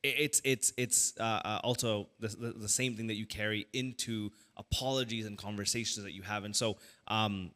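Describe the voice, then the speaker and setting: A man, a pastor, giving a casual teaching talk to a church audience, animated and full of fillers and restarts. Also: fairly low pitch, moderate pace, few pauses.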